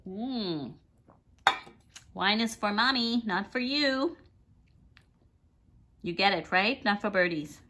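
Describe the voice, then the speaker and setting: A woman at home talking to her pet parrot in a playful, coaxing sing-song, scolding it gently and fussing over it in baby talk. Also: mid-range voice, expressive, takes it slowly, pauses often. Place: home indoors, by a fireplace.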